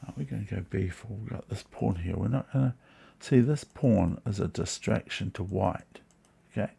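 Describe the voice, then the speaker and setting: A man's voice: on the low side, normal speed, vocal fry, dark tone, breathy edge. A man from New Zealand with a New Zealand accent, streaming chess puzzles live and muttering through moves half to himself between chatty asides to his viewers. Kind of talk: live-stream commentary while solving puzzles.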